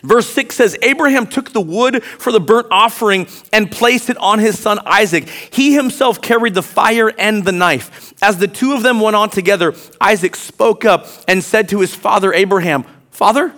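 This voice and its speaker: Reading scripture as part of his sermon, this male pastor speaks in a voice that sits high. He moves from soft, stretched-out phrases to loud, forceful declarations.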